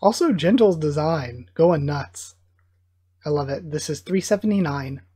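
A man's voice: a little high, expressive, unhurried, dark tone, breathy edge. A man hosting a live manga reading reaction, commenting in an enthusiastic, gushing fan manner. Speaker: reaction video host.

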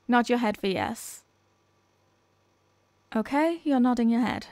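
A woman voicing a shy, nervous, obsessive young woman who has kidnapped someone, stammering and halting in an audio role-play. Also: fairly high pitch, lively intonation, a little mellow, no echo. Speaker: ASMR role-play performer.

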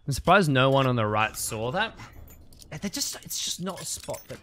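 A man's voice: mid-range voice, big pitch swings, normal speed, fairly bright tone, a little hiss or hum. A man streaming a game, giving cheeky, scheming commentary with chuckling asides. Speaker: streamer playing a social deduction game. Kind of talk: gameplay commentary.

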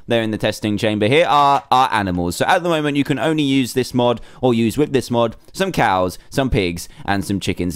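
A man's voice: smooth, no room sound. Playful young man showcasing a game mod. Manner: playful, teasing, bursts of high-pitched mock outrage. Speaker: gaming YouTuber. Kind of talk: Minecraft mod showcase commentary.

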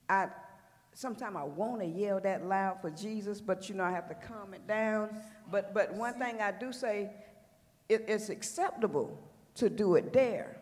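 Congregant, male, high pitch, earnest, emphatic, church reverb. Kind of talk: testimony in Bible study. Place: church sanctuary.

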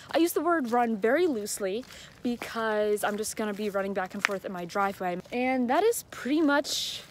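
Chatty young woman, slightly high voice. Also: a little hiss or hum. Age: young adult. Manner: chatty and self-deprecating, with frequent laughs. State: isolating with coronavirus, no symptoms. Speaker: student vlogger. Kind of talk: casual daily video diary.

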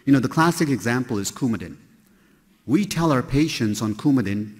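A male nephrologist lectures a roomful of people in a chatty, joking way, often asking rhetorical questions. His voice is husky, mid-pitched, and rings with the long reverb of a big lecture hall. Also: lively intonation, a little fast. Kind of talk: conference lecture to a live audience. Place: large hall with an audience.

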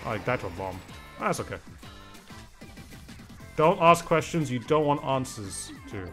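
A man's voice: medium pitch, sing-song, normal speed, a bit bright, faint music behind. A young man streaming a video game, chatting casually, reading and answering chat and laughing often.

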